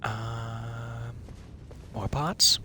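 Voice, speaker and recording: A man's voice: mid-range voice, fairly even intonation, drawn-out words, bright, forceful tone, a little hiss or hum. A man giving casual let's-play commentary, making wry joking asides to his viewers and sometimes dropping into a mutter. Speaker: streamer playing a video game.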